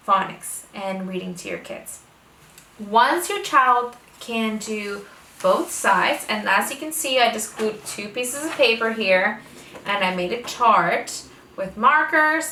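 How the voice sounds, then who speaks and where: A homeschooling mom talks to the camera about how she teaches her kids to read, going slowly and deliberately and stretching out each letter sound. Her voice is fairly high, bright and forceful. The room echoes, she sits a little far from the mic, and there's slight background noise.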